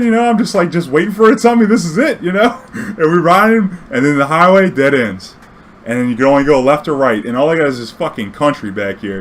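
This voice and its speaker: A man from Louisiana telling a long cab story in a profane, animated way, acting out the dialogue. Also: mid-range voice, a little hiss or hum. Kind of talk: casual storytelling.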